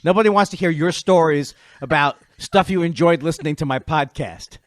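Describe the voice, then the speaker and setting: A man guesting on a podcast, telling stories in a rambling, jokey way with quick asides. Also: on the high side, no echo, clean studio sound. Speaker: comedian guest. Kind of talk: casual comedic chat.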